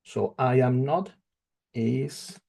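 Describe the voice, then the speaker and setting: A man teaching a Spanish lesson, slow and patient, repeating each phrase. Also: mid-range voice, vocal fry, warm tone, breathy edge. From not from England. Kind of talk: slow spoken language lesson.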